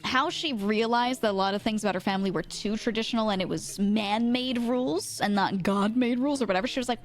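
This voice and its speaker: A woman's voice: a little high, fairly quick, faint music behind. A young woman streamer chatting casually, rambling and laughing often. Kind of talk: casual chat.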